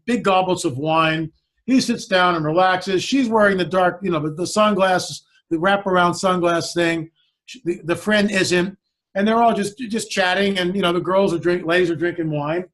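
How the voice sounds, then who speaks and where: A man, a guest in a conversation, telling a story in an animated way and acting out the lines of the people in it. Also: sits high, moderate pace. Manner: animated storyteller who acts out the quoted dialogue.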